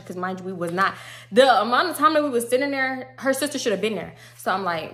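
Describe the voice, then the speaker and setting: A woman's voice: a little high, fast. A young woman in a casual storytime vlog, talking in a loose, slangy way. She jumps into voices for the people in her story. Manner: slangy and animated, acting out quotes. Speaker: storytime vlogger.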